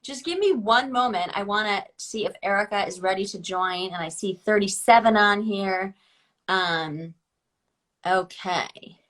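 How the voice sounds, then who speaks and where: A woman's voice: mid-range voice, measured pace, a bit bright. A woman from Chicago hosting a live online wine tasting from her home kitchen over a video call, chatty and upbeat, talking through the setup as she goes. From Chicago area. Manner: chatty, upbeat, thinks aloud through logistics. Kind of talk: casual live-stream chat.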